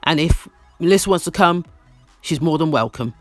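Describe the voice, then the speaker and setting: A man's voice: a little high, animated, moderate pace, no echo, soft background music. A man giving casual, opinionated commentary on a reality show episode, often repeating lines for emphasis.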